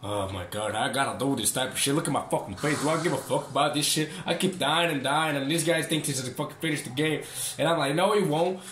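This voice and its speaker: A man's voice: mid-range voice, quick pace, fairly bright tone, roomy sound, slight background noise. A young man giving casual gameplay commentary, joking, swearing and taunting the enemies on screen. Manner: profane, joking, talks to the game's enemies. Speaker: gaming channel host.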